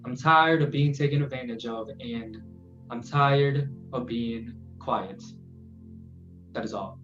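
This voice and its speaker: A man performing his own spoken word poem on a podcast, earnest and measured. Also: medium pitch, music in the background. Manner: earnest, measured delivery that slows and softens. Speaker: guest poet. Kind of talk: spoken word poetry reading. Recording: roomy, muffled podcast audio.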